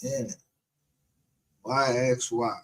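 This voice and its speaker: A man's voice: medium pitch, little pitch movement, drawn-out words, poor audio. A man hosting a livestream, rambling in casual, profane commentary and laughing often. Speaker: livestream show host.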